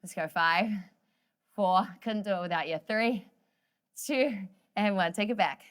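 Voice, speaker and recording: A woman with a medium-pitched, fairly bright, clean voice coaches a workout class at a measured pace. The fitness instructor keeps an upbeat, joking tone, cheering the group and counting down the last seconds of each set.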